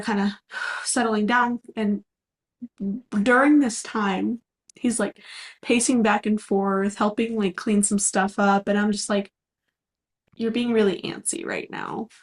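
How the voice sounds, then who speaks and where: A young woman, co-hosting a podcast and telling a long story in a chatty way, full of fillers and laughs. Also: mid-range voice. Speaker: podcast co-host. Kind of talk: casual chat.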